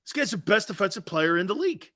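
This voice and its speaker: Brash high-voiced sports radio man. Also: big pitch swings, fast, pushed and bright. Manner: brash and emphatic, slangy with frequent "man" and "dude"; argumentative, laughing off callers' views. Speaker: sports talk radio host. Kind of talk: sports talk radio banter.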